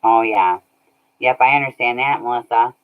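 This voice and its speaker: A woman's voice: very deep voice, normal speed. A woman chatting casually on a livestream, laughing often and thanking viewers by name. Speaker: streamer reading chat. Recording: dull lo-fi audio.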